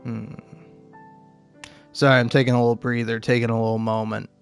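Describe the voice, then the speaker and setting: A man's voice: mid-range voice, little pitch movement, fairly quick, vocal fry, smooth, faint music behind. A man streaming, ranting in a profane, stammering way.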